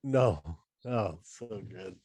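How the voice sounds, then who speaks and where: Low-voiced male interview host. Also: animated, extremely slow, darkish tone, husky, no echo.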